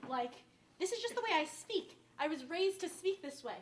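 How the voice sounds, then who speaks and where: A high-voiced young woman with a downstate New York accent chats her way through a home baking demo. She rambles and fills her talk with "like". A faint hum of room noise sits behind her. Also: very animated, moderate pace. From Westchester, New York. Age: young adult. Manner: chatty, rambling, says "like" often. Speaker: cooking show host. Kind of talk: casual cooking demonstration.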